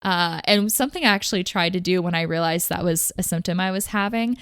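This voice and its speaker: A young woman hosting a podcast, talking candidly and casually, often in quick bursts peppered with "like". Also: on the low side, a bit bright, clear, resonant tone, no room sound, studio quality. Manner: chatty, candid, fast bursts with frequent "like". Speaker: podcast host. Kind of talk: casual personal talk on mental health.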